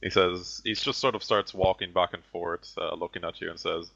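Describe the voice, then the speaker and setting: A man's voice: sits low, steady tone, moderate pace, creaky, few pauses, pushed and bright. A man narrating a tabletop game as game master, hesitant with many fillers. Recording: dull lo-fi audio.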